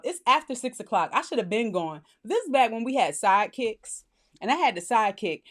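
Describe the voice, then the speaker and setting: A woman vlogger spins a casual storytime with a goofy, laughing manner. Her voice is fairly high and swings widely as she talks. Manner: animated, goofy, laughs often.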